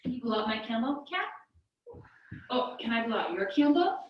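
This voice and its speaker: A woman teaching a kids yoga class in a playful, sing-song way, with drawn-out phrasing. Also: a little high, very animated, dull audio, a little hiss or hum. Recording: echoey room, voice from a distance.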